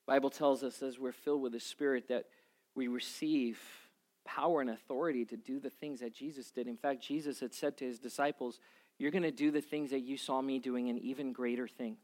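A man preaching as a pastor, moving from quiet prayer to lively, animated storytelling. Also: mid-range voice, a little fast. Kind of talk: sermon.

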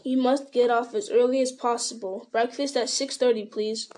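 A woman's voice: on the high side, fairly even intonation, moderate pace, a little mellow, natural voice. A woman reading as an anxious young male traveler. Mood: polite. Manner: anxious, polite. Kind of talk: storybook reading.

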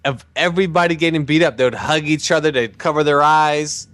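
A man hosting a podcast, telling a jokey anecdote in a casual, animated way, with some swearing. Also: a little high, fairly quick, dry recording. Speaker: podcast host. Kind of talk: casual storytelling chat.

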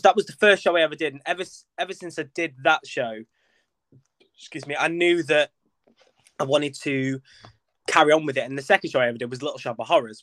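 A young man from North West England talks through his theatre path in a loose, chatty way, joking at his own expense and leaning on fillers. His voice sits a little high, and the recording is close and dry with no room sound. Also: a bit bright, no room sound. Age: young adult. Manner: chatty and self-mocking, lots of ums and likes. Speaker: guest, theatre performer. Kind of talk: casual interview chat.

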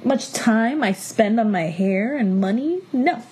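A woman's voice: on the high side, a little slow. A young woman from Miami co-hosting a podcast, telling stories in a blunt, profane way and acting out what others said. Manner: blunt, profane storytelling with animated quoted voices. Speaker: podcast co-host. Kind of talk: casual chat.

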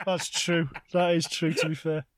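A man in his thirties co-hosting a comedy podcast, telling animated stories and swearing freely. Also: on the high side, moderate pace, dry recording, studio quality. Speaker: podcast co-host. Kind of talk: casual comedic chat.

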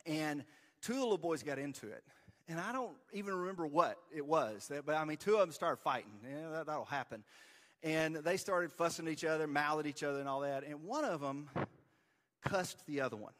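A pastor in his forties tells a story from the pulpit, casual and self-deprecating in an easygoing, conversational sermon. His voice sits a little high for a man. It carries a long reverb tail through a large church sanctuary. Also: animated, a little fast, a bit bright.

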